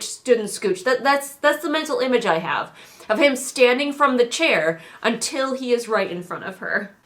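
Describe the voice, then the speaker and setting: A woman's voice: fairly high pitch, a bit bright. Snarky nasal woman reviewing a book. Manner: sarcastic, snarky. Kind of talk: casual critique vlog. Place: home, sitting in a chair.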